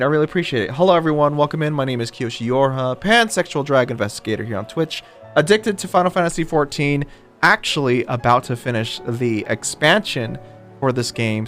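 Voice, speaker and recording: A man's voice: medium pitch, a bit bright. Chatty man greeting stream viewers. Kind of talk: casual live-stream chat.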